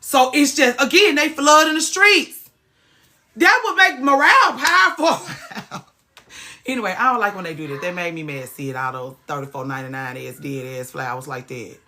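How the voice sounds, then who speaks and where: A woman's voice: medium pitch, expressive, moderate pace, pushed and bright. A woman hosting a casual livestream, ranting with plenty of swearing and greeting viewers by name. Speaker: livestream host.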